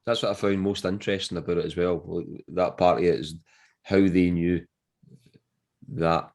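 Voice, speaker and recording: A man's voice: low voice, fairly even intonation, normal speed, darkish tone. A man hosting a podcast, musing aloud in casual conversation. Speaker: podcast host. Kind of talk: casual chat.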